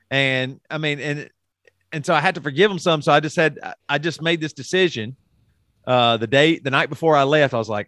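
A man's voice: on the high side, brisk, fairly bright tone, no room sound. Frank rambling man on a dry podcast mic. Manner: rambling, frank, swears, restarts often. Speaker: podcast co-host. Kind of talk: candid podcast chat.

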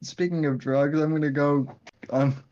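A man's voice: a little high, steady tone, moderate pace, a little mellow, highs cut off. A man joking and laughing in a casual group chat.

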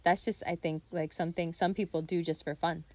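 Rambling young woman, low voice. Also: fairly quick. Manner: rambling, animated storytelling with frequent "like" and bursts of laughter. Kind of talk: casual chat.

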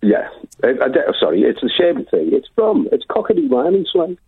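A man's voice: fairly high pitch, huge pitch swings, a little fast, vocal fry. A man with a Liverpool accent calling into a radio show, chatty and self-deprecating. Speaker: caller. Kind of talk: casual phone-in call. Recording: phone line.

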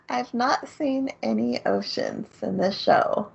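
A woman's voice: on the high side, very slow, vocal fry, slightly rough. A woman co-hosting a casual anime podcast, recapping the plot with giggles and frequent ums. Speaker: podcast co-host. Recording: slightly dull lo-fi recording.

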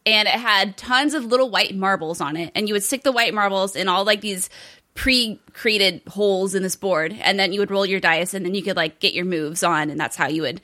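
A woman's voice: mid-range voice, moderate pace, pushed and bright. A woman co-hosting a gaming show, joking casually and talking to the live chat. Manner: playful, joking, talks to chat. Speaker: co-host of a gaming news show.

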